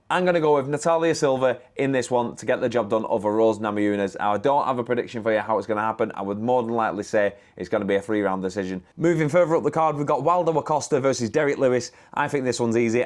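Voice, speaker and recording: A young British man with an accent, talking casually and bluntly to camera in a daily vlog, with the odd swear word. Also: medium pitch. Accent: British English. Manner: chatty and blunt, with mild swearing. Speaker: daily vlogger.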